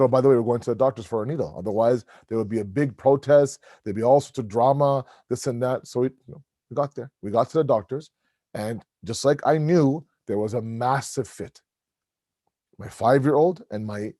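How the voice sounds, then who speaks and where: A man's voice: mid-range voice, mellow, dry recording, clean studio sound. A middle-aged man giving a conversational sermon at a religious gathering, telling a family story and acting out the dialogue. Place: mosque hall.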